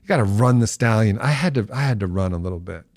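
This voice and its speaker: A man's voice: lowish voice, animated, fast, a little mellow, dry recording, clean studio sound. A man as a podcast guest, telling a long story and acting out the voices of people he quotes.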